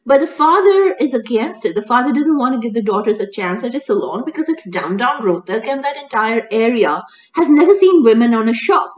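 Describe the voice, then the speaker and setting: Woman, casual chat, animated, fairly high voice, frequent restarts. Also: brisk, lo-fi sound. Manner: animated, laughs often, many restarts. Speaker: co-host reviewing a TV serial.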